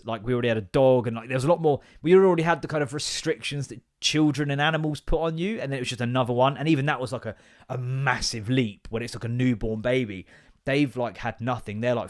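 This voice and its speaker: A man, hosting a casual comedic podcast monologue in a rambling, swearing, self-mocking way. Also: medium pitch. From England. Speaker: podcast host.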